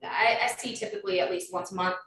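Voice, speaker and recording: A woman's voice: mid-range voice, fairly even intonation, fast talker, crowd noise. Woman, loan officer presenting, casual and explanatory; distant, roomy recording. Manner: explanatory, filler-heavy. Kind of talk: informal presentation. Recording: echoey room, far from mic, faint noise.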